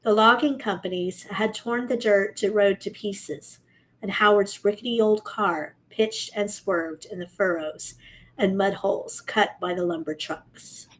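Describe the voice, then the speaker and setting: A woman's voice: medium pitch, a little slow, poor audio. A woman co-hosting a podcast, reading a story aloud casually and steadily, now and then correcting herself.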